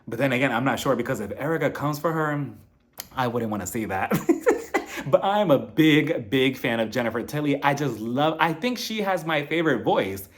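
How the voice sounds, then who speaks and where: A man's voice: medium pitch, lively intonation, moderate pace. A man giving sassy, gossipy commentary while reviewing a reality TV show. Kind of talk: casual video commentary.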